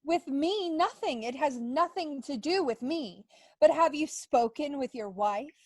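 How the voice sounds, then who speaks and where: A woman's voice: sits high, lively intonation, darkish tone, no room sound. A woman voicing a meddling talking snake that speaks in a flowery, insinuating way, in an audio theater play. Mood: innocent. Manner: flowery, insinuating, slow and deliberate.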